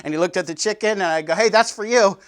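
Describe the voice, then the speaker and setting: Guy preaching a devotional, storytelling, goes loud then quiet. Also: sits high, fast talker, smooth. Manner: animated storytelling preacher, sudden loud and soft swings. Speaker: pastor. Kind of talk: devotional sermon.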